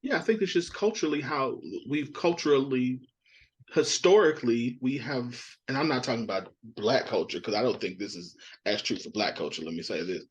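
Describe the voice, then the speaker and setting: A man's voice: medium pitch, animated, brisk, slightly rough. A man giving earnest, reasoned answers as a podcast guest, repeating his starts as he thinks.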